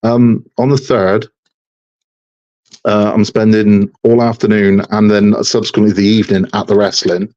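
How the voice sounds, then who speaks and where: A man chats through a live model-building stream in a low, mellow voice. He jokes, rambles and laughs often. The audio is dull and lo-fi. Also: level tone, measured pace. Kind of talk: casual live-stream chat while building.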